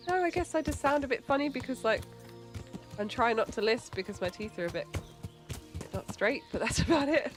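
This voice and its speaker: A woman's voice: fairly high pitch, big pitch swings, slow pace, pauses often, faint music behind. A woman with a light English accent, chatting casually on a livestream, laughing often and mumbling a bit. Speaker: streamer.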